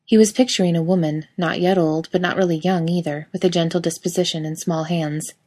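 A woman's voice: lowish voice, fairly even intonation, fairly quick, darkish tone. A woman narrating a story aloud in a wry, casual reading style. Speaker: reader.

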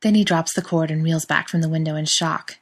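Female narrator, lower pitch, steady storybook reading. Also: brisk. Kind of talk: scripted narration.

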